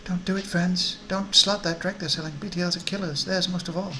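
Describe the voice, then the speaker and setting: Man voicing a weepy worn-out woman, raised pitch, gravelly undertone. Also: steady tone, a little fast, bright, forceful tone, a little hiss or hum. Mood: grieving. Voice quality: tearful, pleading. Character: grieving worn woman in her thirties.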